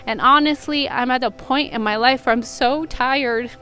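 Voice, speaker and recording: A woman with a high, light voice talks through a candid personal vlog, earnest and emotional as she opens up. She works as a reader and healer and speaks in a confessional way. Faint music drifts in from somewhere nearby. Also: moderate pace, sharp tone. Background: faint music from a neighbor.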